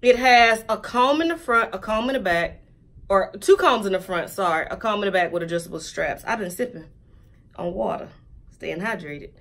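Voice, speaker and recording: A woman's voice: mid-range voice, lively intonation, moderate pace, a bit bright. A woman chatting casually and joking straight to viewers while reviewing a wig for her vlog.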